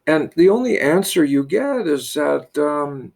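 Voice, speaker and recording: Slightly high yet darkish in tone, the gravelly voice of a middle-aged priest comes across animated and a little slow. He narrates a parable and pulls a moral from it, stumbling into restarts and repeating himself.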